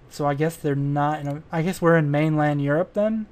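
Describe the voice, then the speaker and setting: A man's voice: fairly high pitch, fairly even intonation, normal speed. A man giving casual let's-play commentary, rambling and self-deprecating and trailing off mid-thought. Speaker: gamer.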